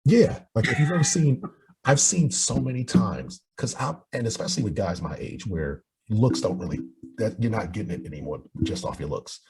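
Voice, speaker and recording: A man's voice: lowish voice, lively intonation, moderate pace, a little mellow, husky, poor audio. A man in his forties talking bluntly in casual podcast chat, giving strong opinions with some swearing. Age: 40s. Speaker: podcast host and life coach.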